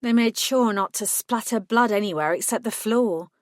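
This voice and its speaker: A woman's voice: on the high side, normal speed, dry recording, clean studio sound. A woman reading a first-person audiobook in a scripted narration style, voicing each character with small shifts.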